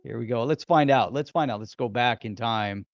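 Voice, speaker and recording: A man's voice: mid-range voice, normal speed, no room sound, highs cut off. A man co-hosting a casual stream, joking around and laughing easily. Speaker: co-host. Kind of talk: casual chat.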